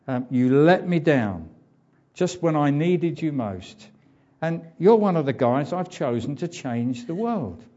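A man's voice: a little high, sing-song, takes it slowly, warm tone, dull audio. A man preaching a sermon in a conversational way, with fillers and asides.

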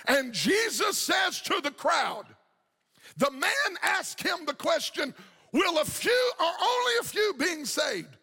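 A man preaching a sermon, shouting and half-singing his phrases with passion. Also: very high voice, big pitch swings, slow pace, creaky, in a large hall.

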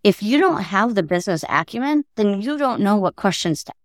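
A woman's voice: medium pitch, sing-song, a little fast, no room sound, clean studio sound. A woman speaking as a sales panelist, explaining her point earnestly with frequent "like" fillers. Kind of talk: roundtable discussion.

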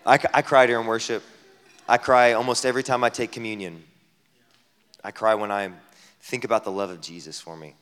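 A man preaching a sermon as a pastor at a camp gathering, talking conversationally with many rhetorical questions, dropping to a hush and then rising loud. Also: on the low side, fairly even intonation, fairly quick, long pauses. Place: camp meeting hall. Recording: long hall reverb.

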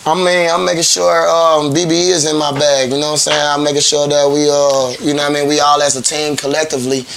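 A man's voice: on the high side, flat delivery, fast, vocal fry, few pauses, a bit bright. A man speaking as a guest in a casual podcast chat, easygoing and full of filler phrases.

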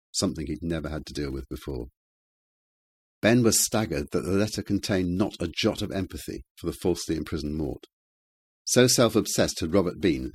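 A man reading an audiobook in a measured, even storytelling manner. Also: low-pitched, slightly rough, no room sound. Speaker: audiobook narrator. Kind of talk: scripted narration.

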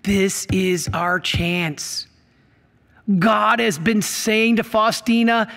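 In a slow-paced sermon, a middle-aged priest uses an unusually high, bright and forceful voice from the pulpit. He presses his arguments hard and fires questions at those gathered, with the long reverb of the church making his words ring on.

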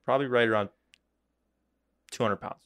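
A man's voice: medium pitch, fairly even intonation, moderate pace, fairly bright tone, smooth. A young man hosting a podcast, chatting casually and joking, acting out imagined conversations. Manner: joking, acts out imagined dialogue. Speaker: podcast host. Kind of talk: casual chat.

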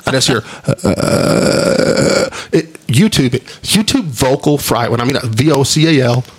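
A man's voice: medium pitch, animated, measured pace, husky. A man co-hosting a podcast in casual chat, rambling and opinionated, laughing often. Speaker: podcast co-host.

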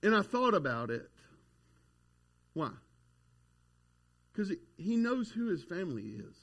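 A man's voice: sits high, pushed and bright. A male pastor, preaching a sermon in a folksy, conversational way and telling stories from home.

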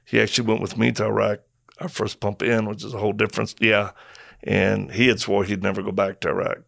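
A man's voice: on the low side, a little fast, creaky, dry recording, studio quality. A middle-aged man and former Marine telling stories in casual conversation, acting out quotes and sound effects as he goes. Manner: animated storyteller, acts out quotes and sound effects.

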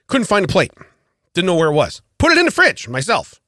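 A man co-hosting a casual podcast, spinning an animated story and hammering his points by saying them twice. His voice sits a bit high and swings widely in pitch, with a bright edge. The sound is dry and close. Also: a little fast, no echo. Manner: animated storytelling, repeats himself for emphasis. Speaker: podcast co-host. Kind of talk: casual chat.

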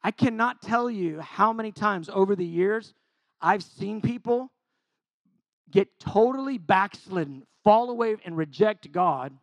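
A middle-aged male Bible teacher preaches in a casual, animated way, with a fairly high, gravelly voice. He acts out little quotes and pokes fun at himself. The sound is close and dry. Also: measured pace, dry recording. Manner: animated and conversational, acting out quotes with self-deprecating humor. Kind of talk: informal sermon.

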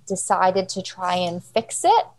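A woman's voice: lowish voice, measured pace, rough recording. A woman in her thirties telling a funny story in casual chat, acting out the people she quotes and laughing often. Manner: animated storyteller, acts out quoted voices, laughs a lot.

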